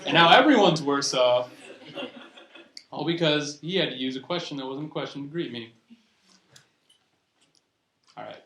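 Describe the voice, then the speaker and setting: Young man doing stand-up, bright roomy sound. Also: a little high, lively intonation, moderate pace, pauses often. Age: young adult. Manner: rambling, self-interrupting delivery with restarts. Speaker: stand-up comedian. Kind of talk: stand-up comedy set. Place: live comedy show in a room with an audience. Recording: roomy live recording with faint noise. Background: audience laughter.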